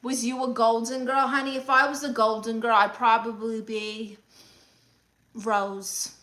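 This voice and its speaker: A woman playing a brash, sassy aunt who hosts a livestream, reading viewer comments with deadpan scolding. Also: on the high side, measured pace. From Brooklyn, New York. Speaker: comedic livestream host character. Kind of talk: mockumentary livestream comedy.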